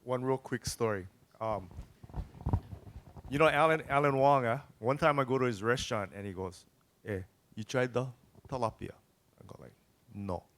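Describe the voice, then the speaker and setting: A man's voice: mid-range voice, normal speed, a bit bright, a little hiss or hum. A man telling chatty anecdotes as a panelist at an event. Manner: chatty anecdotes with quoted dialogue. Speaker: panelist, former farm bureau president. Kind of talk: casual storytelling on a panel.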